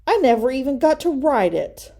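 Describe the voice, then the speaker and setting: Storybook cub: a woman playing a fiery little boy bear, shouting, voice jumping high. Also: very animated, normal speed, vocal fry, full character voice. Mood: indignant. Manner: shouting, indignant. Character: upset young boy bear cub, hot-tempered.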